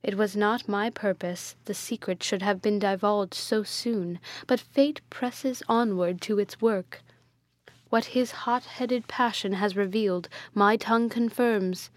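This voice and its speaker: A woman reading aloud and voicing a stern elderly friar who speaks in a solemn, slow, weighty way. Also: mid-range voice, fairly even intonation, dry recording, lightly acted.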